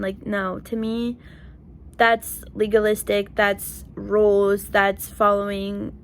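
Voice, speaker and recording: A woman's voice: mid-range voice, completely flat delivery, slow pace, clean tone. Earnest young woman sharing her heart. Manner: earnest, emotional, lots of "like" and "you know". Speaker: vlogger. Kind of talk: heartfelt casual vlog talk.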